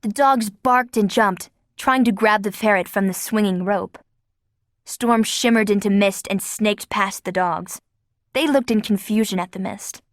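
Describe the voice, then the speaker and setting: A woman's voice: medium pitch, dry recording, clean studio sound. A woman narrating an audiobook with a vivid, dramatic reading. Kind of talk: scripted narration.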